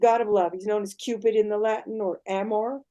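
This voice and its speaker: An older woman, a guest on a podcast interview, retelling a myth in an animated way and often checking in with her listener. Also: medium pitch, fairly quick.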